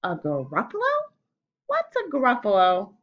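A woman's voice: on the high side, huge pitch swings, slow, highs cut off, voice pushed up, heavily acted. A woman voicing a politely hungry owl. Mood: inviting.

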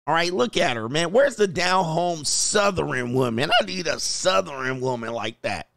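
This is a man running his own stream and reacting out loud to videos as they play. His voice sits a little high and swings widely in pitch as he rants, jokes and breaks into laughter. The sound is dry and close, with no room echo. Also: vocal fry. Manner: slangy, ranting, quick to laugh. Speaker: livestream host. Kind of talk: casual reaction commentary.

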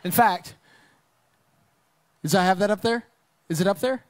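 A man's voice: sits high, measured pace, no echo, studio quality. A man speaking as a pastor in a conversational sermon on a church stage, enthusiastic and affirming.

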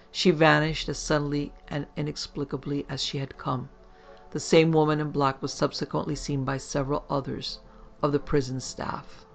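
Gravelly man narrating a ghost story. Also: on the high side. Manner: steady, measured reading. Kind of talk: scripted horror story narration. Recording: faint background music.

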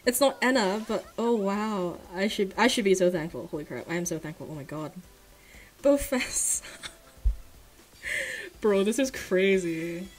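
A young woman giving casual commentary while pulling in a gacha game, drifting between quiet, mumbled disappointment and sudden shrieks of excitement. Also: moderate pace, few pauses, rough recording. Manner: swings from mumbled low sighs to shrieking excitement. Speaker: gacha gaming streamer.

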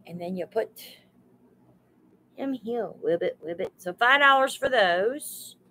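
A woman's voice: fairly high pitch, animated, takes it slowly, bright, forceful tone, a little hiss or hum, low-quality recording. A woman hosting a live sale stream, chatting homily and greeting viewers by name as she prices items. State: overheated.

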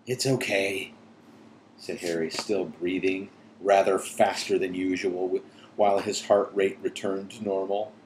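A man reading a storybook aloud to his daughters, playful and unhurried, correcting his own slips. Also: sits low, flat delivery, a little mellow, slight background noise, rough recording. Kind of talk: bedtime storybook read-aloud.

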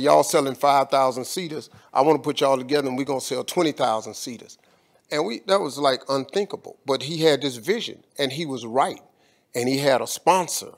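Man, slightly high-pitched, emphatic, colloquial, repetitive preacher cadence, guest on stage. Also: fairly bright tone, slightly rough. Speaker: guest speaker. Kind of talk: on-stage conversation.

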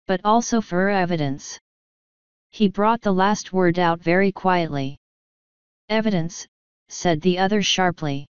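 A woman reading a classic detective novel aloud as an audiobook narrator, in a measured, steady manner. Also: fairly low pitch, clear, resonant tone, dry recording, dull audio. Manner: measured, steady reading, voicing each character in turn. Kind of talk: scripted narration.

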